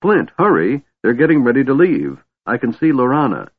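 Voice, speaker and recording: A man voicing an excitable young male kender in a high, squeaky, chattering way, for a storybook reading. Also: unhurried, husky, exaggerated voice. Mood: excited. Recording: tinny phone-like dry sound.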